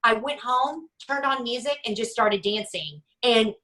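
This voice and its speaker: A woman in her forties speaks candidly as an interview guest, her voice bright and forceful. She stops and restarts often, then livens up to act out the lines of people in her stories. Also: fairly high pitch, low-quality recording. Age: 40s. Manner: halting, many restarts, lively quoting of others. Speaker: guest author.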